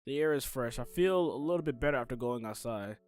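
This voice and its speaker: A man's voice: mid-range voice, animated, quick pace, faint music behind, lightly acted. Sad schoolgirl Sayori, read by a man. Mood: distraught. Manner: reads her inner thoughts in first person. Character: sad, anxious teenage schoolgirl. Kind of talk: game text read aloud.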